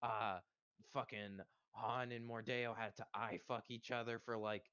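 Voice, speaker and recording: A man's voice: mid-range voice, level tone, measured pace, fairly bright tone, clear, resonant tone, no room sound, lo-fi sound. A man casually recapping the last session of a tabletop game, rambling and swearing, with a strained voice. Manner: rambling, profane, with many fillers. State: strained voice after a long session.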